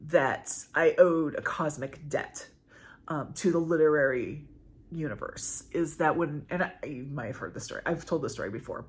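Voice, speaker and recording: Book vlogger, woman, middle-aged; chatty, self-correcting, expressive low voice. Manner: chatty, rambling, frequent fillers and self-corrections. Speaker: book channel host. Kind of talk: casual reading update vlog.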